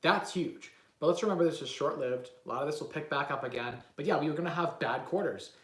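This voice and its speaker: A man's voice: on the high side, quick pace, roomy sound. A man, rambling animatedly through a casual live-stream Q&A as a real estate investing host. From Canada. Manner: rambling, animated, lots of "like" and "right?".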